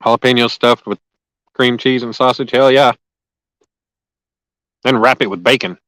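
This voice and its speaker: A man's voice: mid-range voice, steady tone, moderate pace, fairly bright tone, no echo, low-quality recording. A man, hosting a fishing livestream outdoors and chatting casually and folksily with viewers by name. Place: lakeside outdoors.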